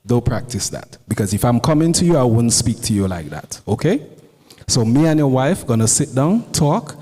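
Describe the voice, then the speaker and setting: A man's voice: medium pitch, big pitch swings, mellow, husky. A man as a firm father. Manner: measured, firm, lecturing. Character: stern Caribbean father, calm but firm. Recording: hall reverb with faint noise.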